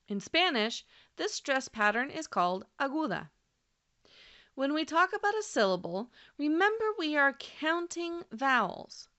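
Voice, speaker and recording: A woman narrating a scripted language lesson, speaking clearly and deliberately and slowing down to model example words. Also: high voice, very animated, bright, forceful tone. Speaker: language teacher.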